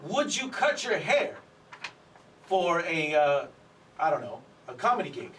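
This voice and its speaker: A man's voice: a little high, sing-song, a little slow, fairly bright tone, recorded from a distance, slight background noise, poor audio. A man hosting a morning radio interview, upbeat, laughing often and saying "there you go". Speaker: radio host.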